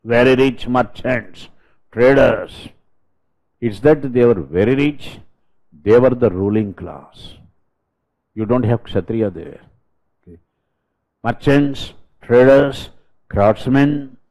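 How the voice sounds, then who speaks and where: A man's voice: mid-range voice, lively intonation, slow pace, pauses often, darkish tone. Emphatic South Indian male history teacher. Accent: South Indian English. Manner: emphatic, rhetorical questions to students. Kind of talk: exam-prep lecture. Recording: dull lo-fi classroom recording.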